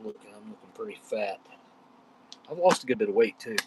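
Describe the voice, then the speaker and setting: A man's voice: sing-song, fairly quick, gravelly, noisy background. A man hosting a casual live stream, rambling to the chat and now and then cooing at his cat. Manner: rambling, talks to his cat in a high coaxing voice. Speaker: livestream host.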